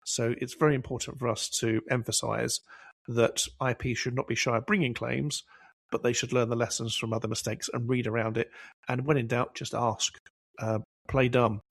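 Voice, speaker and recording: A man's voice: mid-range voice, flat delivery, normal speed, vocal fry, breathy edge, dry recording. A man hosting a professional podcast discussion, telling anecdotes and driving points home with repetition. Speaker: podcast host.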